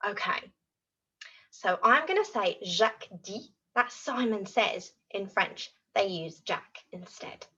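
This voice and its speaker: A woman leads young children through new words, her voice bright and bouncing widely in pitch. She speaks slowly and in a sing-song way, modeling each word for the children to repeat. The recording sounds a little dull and lo-fi. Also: lively intonation, breathy edge. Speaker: children's French teacher. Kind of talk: lively teaching for young children. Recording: dull lo-fi audio.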